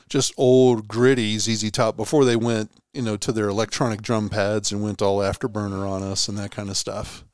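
A man's voice: fairly low pitch, clear, resonant tone, dry recording, studio quality. A man co-hosting a casual sports podcast, telling long rambling stories with many restarts. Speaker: podcast co-host.

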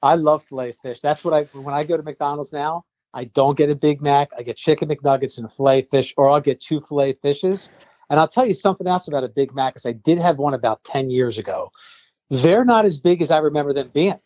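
A man's voice: a little high, fairly quick, a little mellow, no room sound, muffled recording. A man co-hosting a podcast, chatting bluntly with salty language. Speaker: podcast co-host. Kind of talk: casual chat.

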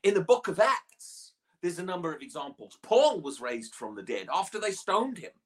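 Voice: medium pitch, very animated, moderate pace. A preacher delivering a sermon in an emphatic way, often repeating and restarting words while building each point.

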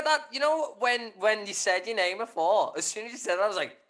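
A male co-host from the UK bantering on a casual podcast, teasing and easily excited. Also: high voice, fairly quick, few pauses. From United Kingdom.

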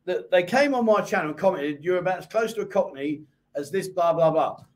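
A man from England with a London accent hosts a casual live chat show, reading viewer comments aloud and answering them in a chatty way. His voice sits high with a darkish tone, and he sounds animated and a little fast.

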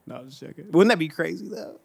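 A man's voice: a little high, quick pace, vocal fry, breathy edge. A man co-hosting a podcast, telling stories and joking in casual chat. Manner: joking, animated storytelling. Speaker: podcast co-host.

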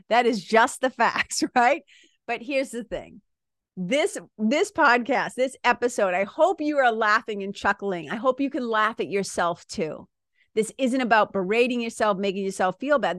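A woman's voice: a little high, fairly bright tone, no room sound, clean studio sound. A woman podcast host and spiritual coach, talking casually in a blunt, joking way and laughing often as she acts out her clients.

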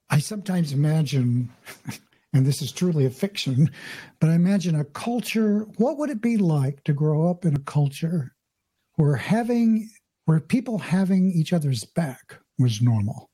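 A man's voice: on the high side, animated, unhurried, warm tone, slightly rough. A man hosting a podcast interview, speaking reflectively and hesitantly with frequent restarts. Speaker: podcast host. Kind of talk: conversational interview.

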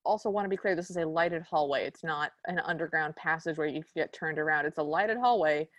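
A woman's voice: low-pitched, fast talker, fairly bright tone, no room sound, highs cut off. Sarcastic woman podcast co-host. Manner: sarcastic, exasperated. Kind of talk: casual chat recapping a movie.

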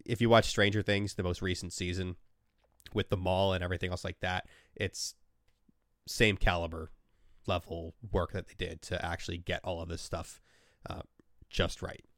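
Deep-voiced laid-back man hosting a podcast. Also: flat delivery, moderate pace, a bit bright, dry recording, clean studio sound. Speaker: podcast host. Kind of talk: casual podcast chat.

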